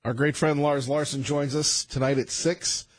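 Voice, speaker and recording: A man hosting a radio show who introduces his guest warmly and asks him questions. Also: on the high side, fairly even intonation, normal speed, no room sound, poor audio. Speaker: radio talk show host. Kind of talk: radio interview.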